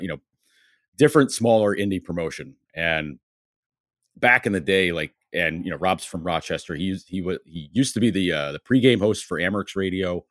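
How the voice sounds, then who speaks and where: Podcast guest, a male sports writer with a Western New York accent, deep voice, dry close sound, rambling anecdotes. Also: no echo. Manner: rambling anecdotes, many fillers and acted-out quotes. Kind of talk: casual storytelling on a podcast.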